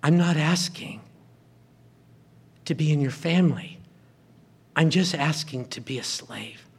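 A man's voice: on the high side, animated, measured pace, creaky, husky. A man preaching a sermon, retelling a story and acting out the characters' lines.

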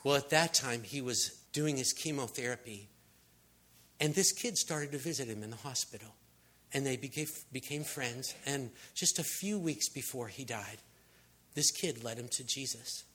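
A man's voice: medium pitch, normal speed, slightly rough. A man giving a sermon in a casual storytelling way, acting out the people in his stories. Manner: storytelling, acts out voices, shouts for emphasis. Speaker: preacher.

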